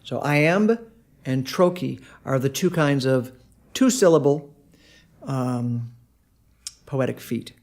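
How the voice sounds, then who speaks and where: A man giving a casual video lesson on songwriting, halting with many fillers and sounding out rhythms as syllables. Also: mid-range voice, animated, darkish tone. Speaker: songwriting teacher.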